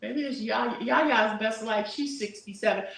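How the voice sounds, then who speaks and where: A woman's voice: fairly high pitch, unhurried, creaky, a bit bright, reverberant, rough recording. A woman in her sixties hosting a casual live stream, chatting with viewers and reading their comments aloud, with churchy asides. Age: 60s. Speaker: YouTube host reading live chat.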